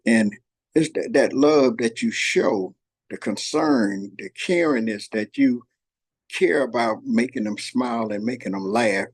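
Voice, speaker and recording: An older man hosting, telling heartfelt family stories in an earnest, folksy way with a rough, husky voice. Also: mid-range voice, measured pace. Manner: earnest, folksy, repeats phrases, voices his granddaughter in quotes. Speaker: host. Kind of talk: heartfelt storytelling chat. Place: workplace shop.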